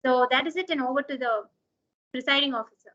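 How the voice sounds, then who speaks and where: A woman reports the minutes of a club meeting in a high voice, often pausing on "uh". The sound comes through a dull, lo-fi video call. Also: bright, forceful tone. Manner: hesitant, many uh fillers.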